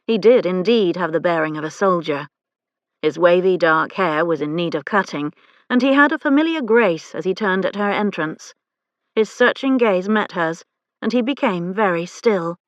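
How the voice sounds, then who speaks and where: A woman narrates a novel in a calm, even way, her voice sitting on the low side. The recording is close and dry with no room sound, and a little dull in the top end. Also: no echo. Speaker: audiobook narrator. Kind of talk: scripted narration.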